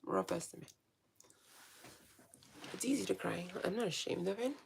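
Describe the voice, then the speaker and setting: A woman's voice: mid-range voice, moderate pace, vocal fry, slight background noise. A woman vlogger talking frankly in a casual, rambling monologue, swearing freely and restarting often.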